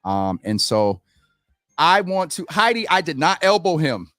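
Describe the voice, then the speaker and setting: A man's voice: a little high, unhurried, no room sound. Guy hosting his show, voice jumps all over, dry close sound w/ faint music under. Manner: earnest, animated, addresses viewers as y'all. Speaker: host of a community talk show. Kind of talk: casual livestream commentary.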